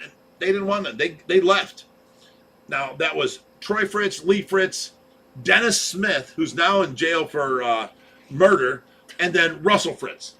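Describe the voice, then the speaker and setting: A man's voice: fairly high pitch, a little slow, pushed and bright. A man hosting a livestream, telling a story in casual chat and laughing often. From Ohio. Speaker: livestream host. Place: home fish room.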